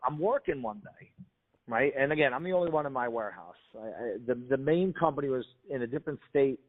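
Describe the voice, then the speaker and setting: Guy telling a story over a tinny phone line on the radio, talks fast. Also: mid-range voice. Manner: animated, quoting others in his story.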